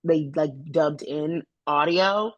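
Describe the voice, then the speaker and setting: A woman co-hosting a podcast in casual chat, talking in an animated, emphatic and slangy way. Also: low-pitched, slow, no echo. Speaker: podcast co-host.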